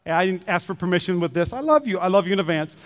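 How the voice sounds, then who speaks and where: A man's voice: sits high, flat delivery, racing. A man preaching a Sunday sermon as pastor, talking animatedly and acting out the voices of the people he quotes. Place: church auditorium. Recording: long reverb of a large hall.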